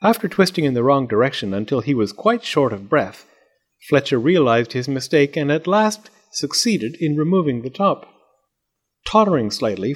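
A man narrates a picture book in a middle-pitched voice. His reading is measured, and its intonation rises and falls in a very animated way. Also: husky. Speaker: storyteller. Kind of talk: storybook read-aloud.

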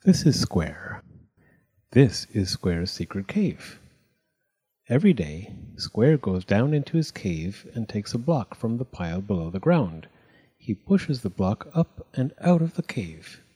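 A man reading a children's picture book aloud, gentle and deliberate. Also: on the low side, sing-song, breathy edge. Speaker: narrator.

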